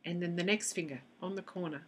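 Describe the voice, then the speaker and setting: Quick-paced and fairly low in pitch, an Australian woman gives an instructional explanation to camera on using tapping with children. The EFT practitioner plays both sides of a session, with a little hiss or hum in the audio.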